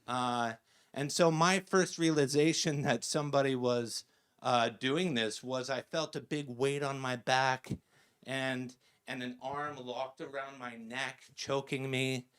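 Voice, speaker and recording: A man performing a stand-up comedy set, telling an animated personal story on stage, full of fillers and acted-out quotes. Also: mid-range voice, slow pace, smooth. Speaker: researcher doing stand-up. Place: stage before a live audience.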